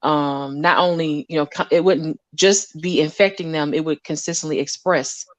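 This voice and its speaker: A woman with a lower-than-usual voice talks casually about lab work and the people around her. She tells stories with energy, acting out what others said. The recording is close and dry. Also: normal speed, no echo. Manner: animated storyteller, acts out quotes, laughs often. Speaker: lab scientist guest. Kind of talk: casual conversation.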